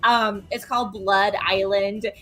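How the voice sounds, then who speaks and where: A woman player chatting casually, excited and laughing between sentences. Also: medium pitch, unhurried. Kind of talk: casual chat.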